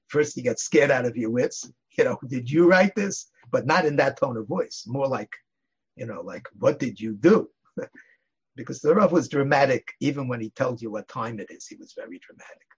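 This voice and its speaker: An older man with a deeply husky, raspy voice teaches an informal Torah class. He rambles into stories and digressions, laughing softly and sprinkling in "you know." The sound is dull and lo-fi. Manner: digressive storyteller, chuckles often, many "you know"s.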